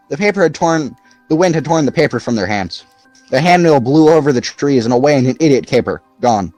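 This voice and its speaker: A man narrating a novel aloud in an expressive, lively storytelling manner. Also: medium pitch, brisk, no room sound, faint music behind. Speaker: audiobook narrator. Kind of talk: scripted narration.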